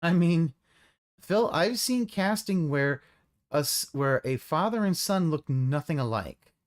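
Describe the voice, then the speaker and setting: Sarcastic, lively-voiced streamer reacting. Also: medium pitch, measured pace. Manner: sarcastic, swears freely, trails off and restarts often. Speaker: live streamer reacting to a video. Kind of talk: casual reaction commentary.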